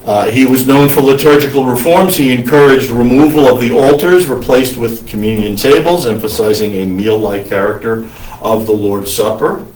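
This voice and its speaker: A male priest giving an unscripted lecture, halting often to restart his sentences. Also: medium pitch, darkish tone. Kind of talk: recorded lecture. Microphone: single mic, speaker sometimes covers it. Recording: roomy echo, mic at a distance.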